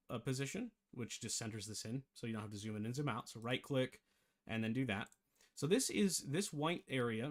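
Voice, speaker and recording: A man talks through a software tutorial in a loose, casual way, thinking aloud and catching his own slips. His voice sits at an ordinary middle pitch. He has the hiccups. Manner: rambling, self-correcting, thinks aloud. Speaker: game development tutor. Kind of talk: casual screen-share tutorial.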